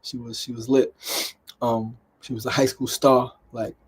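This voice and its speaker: Speaking at a measured pace with little pitch movement, a middle-aged man from New York City hosts a daily motivational talk show. His medium-pitched voice is slightly rough, and he stresses points, repeats himself, and often tacks on "right?".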